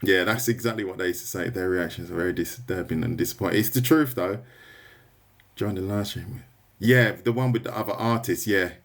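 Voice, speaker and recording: A chatty man with a lowish, brisk voice livestreams while drawing, rambling casually as an artist and answering viewer comments.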